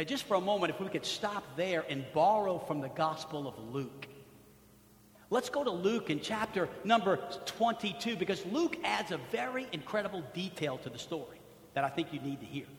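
Dramatic high-voiced preacher in an echoey hall. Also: male voice, a little hiss or hum. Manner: dramatic, swings from loud to hushed, rhetorical questions. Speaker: pastor. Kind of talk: sermon. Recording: echoey hall, long reverb.

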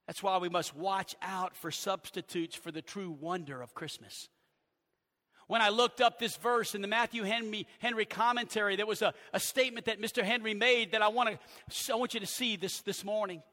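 A man preaching a sermon as pastor, earnest, dropping to hushed low phrases and rising for emphasis. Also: normal speed. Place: church sanctuary. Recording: long church hall reverb.

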